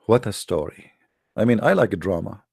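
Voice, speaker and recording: Man, sarcastic mocking storyteller, gravelly, dry recording. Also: on the low side, darkish tone, no echo. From Middle East. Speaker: religious debater. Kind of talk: polemical storytelling talk.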